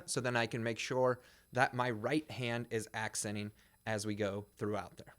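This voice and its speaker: A man's voice: lowish voice, little pitch movement, normal speed, a bit bright. A male percussion teacher with a Midwestern American accent, explaining audition excerpts and counting and scatting rhythms aloud. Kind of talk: instructional demonstration.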